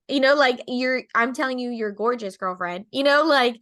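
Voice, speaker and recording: A woman hosting a podcast in casual chat, talking fast and loose with lots of fillers and acted-out quotes. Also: fairly high pitch, a bit bright. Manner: chatty, lots of fillers, acts out quoted people. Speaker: podcast host.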